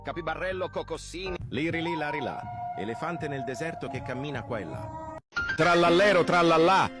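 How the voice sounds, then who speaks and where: A man voicing an over-the-top Italian-accented meme announcer who chants absurd names in a sing-song way, played back from a clip over loud music. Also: a little high, lively intonation, fast talker, natural voice. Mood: chanting. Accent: Italian, put on.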